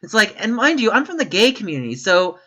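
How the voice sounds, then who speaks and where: A man delivers opinion commentary for his vlog in a bright, forceful voice. He rambles and corrects himself as he goes, then jumps up into high, exasperated outbursts when he disagrees. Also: very animated, fast. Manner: emphatic and exasperated, with sudden high-pitched outbursts. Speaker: YouTube commentator.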